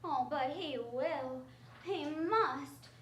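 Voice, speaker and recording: A woman's voice: high voice, drawn-out words, heavy background noise. A woman playing an earnest, wide-eyed young girl heroine in a live radio play. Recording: echoey theater stage.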